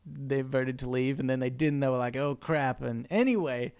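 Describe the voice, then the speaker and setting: A man's voice: medium pitch, normal speed, a little mellow, clear, resonant tone. A man co-hosting a podcast in casual, rambling, jokey chat. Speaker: podcast co-host.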